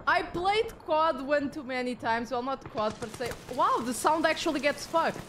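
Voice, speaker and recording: A woman live-streaming a horror game, with excitable, jokey commentary and plenty of swearing. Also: high-pitched, moderate pace, background noise.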